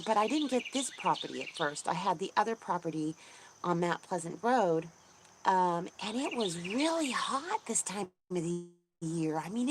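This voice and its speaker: A woman hosting a casual livestream, chatting in a rambling way with lots of ums and restarts and greeting viewers brightly. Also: medium pitch, noisy background. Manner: bubbly, voice jumps up when greeting viewers. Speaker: homesteading channel host. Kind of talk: casual livestream chat, reading viewer comments.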